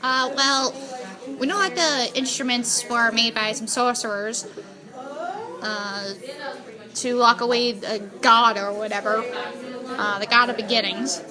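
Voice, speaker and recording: A woman's voice: fairly high pitch, steady tone, measured pace, pauses often, close to an everyday voice. A woman voicing a cheerful, friendly male gnome fighter in a tabletop game, in a casual, offhand way. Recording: noisy room with crowd chatter.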